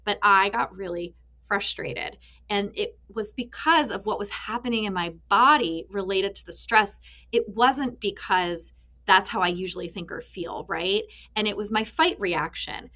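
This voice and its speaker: A woman's voice: mid-range voice, a little slow. A woman in her thirties, a therapist being interviewed on a podcast, telling stories animatedly and acting out little voices. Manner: animated storyteller, acts out voices in anecdotes. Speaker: therapist and author, guest.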